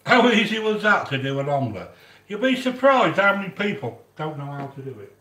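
A man chats his way through a home cooking demonstration, his pitch rising and falling in a lively way. He wanders into rambling asides between instructions, heard from a little way off the mic in a roomy, echoing kitchen. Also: brisk, distant mic. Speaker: home cook.

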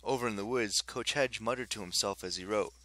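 A man narrating a fantasy novel as an audiobook in a steady storytelling delivery. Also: lowish voice, fairly quick, no room sound.

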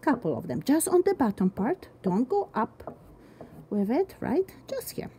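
A woman's voice: on the high side, huge pitch swings, unhurried, warm tone, a little hiss or hum. A woman art teacher giving a chatty, encouraging step-by-step drawing demonstration, thinking aloud as she works.

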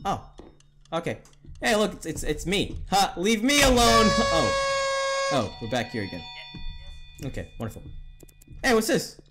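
A man's voice: on the high side, big pitch swings, measured pace, pauses often, loud music behind the voice. A young man commentating a horror game, joking, swearing and laughing nervously. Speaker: gaming YouTuber.

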